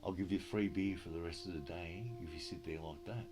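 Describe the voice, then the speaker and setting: Deep-voiced Australian man spinning yarns. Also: steady tone, fairly quick, over music. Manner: rambling, swears freely, acts out quoted dialogue. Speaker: storyteller. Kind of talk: casual yarn-telling.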